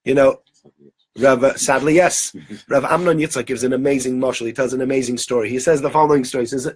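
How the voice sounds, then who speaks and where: A man teaching a Torah lesson in a conversational way, often checking in with quick tag questions. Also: medium pitch, steady tone, slightly rough. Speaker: rabbi teacher.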